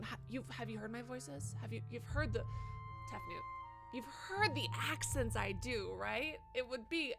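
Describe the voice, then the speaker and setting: A woman streaming a game live, chatting casually with excitable, self-mocking swearing. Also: on the high side, normal speed, creaky, over music. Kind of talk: casual live let's-play chat.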